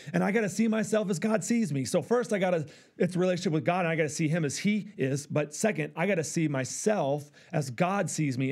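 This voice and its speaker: Storytelling male pastor, slightly high voice. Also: darkish tone. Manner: storytelling, acts out voices in quotes. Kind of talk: sermon.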